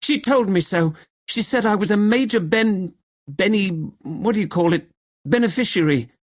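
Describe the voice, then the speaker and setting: A high, loud, petulant woman who bristles and defends herself hotly, as a male narrator plays her. The reading is lively, and the recording is slightly muffled. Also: moderate pace. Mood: insistent. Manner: indignant, defensive. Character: petulant indignant woman fighting over an inheritance.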